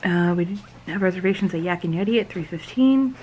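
A woman's voice: on the low side, brisk, low-quality recording. A woman chatting casually in a vlog while waiting in a theme park queue, upbeat and rambling. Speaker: vlogger, mother. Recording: loud outdoor noise.

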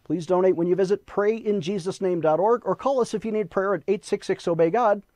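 A man's voice: sits high, a little fast, mellow, dry recording. A man hosting a Christian television show, praying and making earnest appeals for donations in a preacher's cadence. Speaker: host and chaplain.

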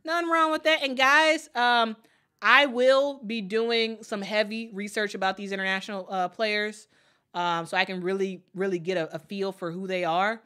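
Woman, live stream host, casual commentary, chatty, excitable, repeats herself, bright tone. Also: medium pitch, normal speed. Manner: reads viewer comments aloud. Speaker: host of a draft watch party stream.

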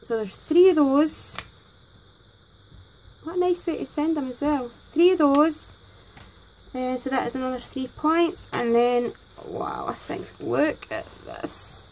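Scottish lady crafter vlogging, high voice, excited and kinda nervous, chatty. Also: a little slow, pauses often, poor audio. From Scotland. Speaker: crafting channel host. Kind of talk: casual unboxing vlog.

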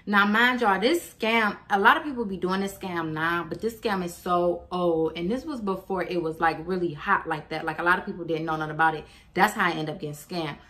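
Woman in her 20s, storytime vlogger: blunt, animated, curses freely. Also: lowish voice, brisk, hardly any pauses. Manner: animated, blunt, swears freely, acts out quotes. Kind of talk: casual storytime.

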